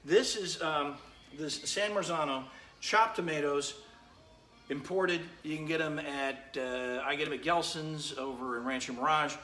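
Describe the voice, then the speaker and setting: A man's voice: a little high, unhurried, bright, forceful tone, roomy sound, faint music behind. A man hosting a live-streamed home cooking demo, chatting with viewers by name as he cooks in his kitchen. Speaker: home cooking show host.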